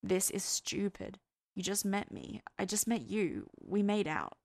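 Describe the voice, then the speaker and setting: A woman's voice: mid-range voice, expressive, a little slow, vocal fry, no echo. A woman voicing a stubborn, guarded young man who answers in a reluctant, clipped way, read from a fan fiction audiobook.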